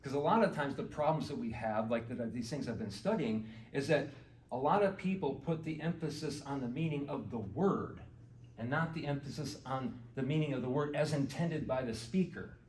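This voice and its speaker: Talking to a garden club audience in an indoor hall, a man who speaks and writes on gardening keeps his lecture casual, quizzes the crowd, and leans on "you know." His mid-range, slightly mellow voice has lively intonation at normal speed, heard distantly in an echoey space.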